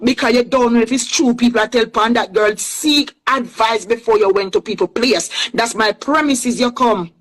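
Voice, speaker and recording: A woman's voice: a little high, moderate pace, few pauses, poor audio. A woman from Clarendon with a Jamaican accent, delivering a heated, defiant social media rant and repeating herself for emphasis. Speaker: accused woman responding.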